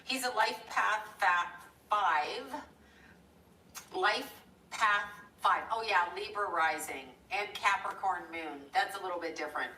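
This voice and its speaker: Bright-voiced woman rambling in a roomy space. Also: mid-range voice, unhurried, a little hiss or hum. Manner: rambling, blunt and profane, chuckling. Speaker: live-streaming artist. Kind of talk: casual live-stream chat while drawing. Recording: roomy echo from a distant mic.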